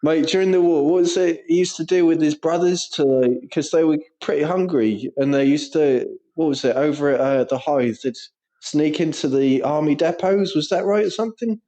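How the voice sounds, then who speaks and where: With a warm voice that's a little high, a young podcast co-host talks at a moderate pace, swearing his way through casual stories and back-and-forth banter.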